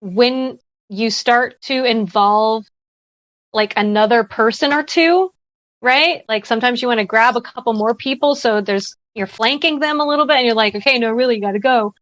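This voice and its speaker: A woman's voice: on the high side, moderate pace, a bit bright, no room sound. A woman presenting at a virtual summit, giving earnest, conversational advice and often checking in with "right?". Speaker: workshop presenter. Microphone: video call.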